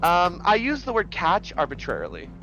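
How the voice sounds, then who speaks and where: A man with a high, bright voice that swings up and down with excitement. He plays his character with theatrical flair and shouts his moves with glee. Faint music sits behind him. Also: normal speed, muffled recording. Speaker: tabletop game player. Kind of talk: playing a tabletop game.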